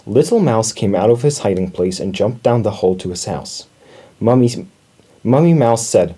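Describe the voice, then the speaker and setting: A man reads a children's storybook aloud with an expressive, lively delivery. His voice is mellow and warm in tone, with a slightly husky edge. He moves his pitch around a lot to tell the story. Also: normal speed. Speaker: storybook reader. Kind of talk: reading a children's book aloud.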